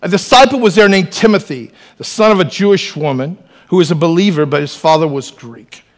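Man, pastor, high voice, animated sermon, joking asides, audience call-outs. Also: fairly quick.

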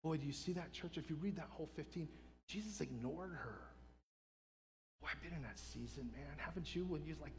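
A man preaching a sermon with fervor, calling out to the congregation and building to shouts. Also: a little high, a little fast, long reverb tail, a little hiss or hum. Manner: fervent preaching, calls out to the congregation, climbs to shouts. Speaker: pastor.

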